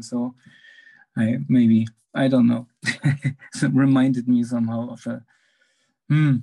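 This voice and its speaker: A devotee recalls a memory during an informal online satsang, his speech halting as he gropes for words and laughs between phrases. Captured on a video call, his voice is gravelly, mid-range, and mellow, with little rise or fall.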